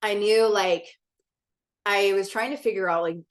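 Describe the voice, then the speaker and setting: A woman's voice: medium pitch, steady tone, normal speed. A woman guest in a casual interview, telling a personal story in a candid, intense way, swearing freely and filling her talk with "like". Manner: chatty, many "like" fillers. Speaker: podcast guest.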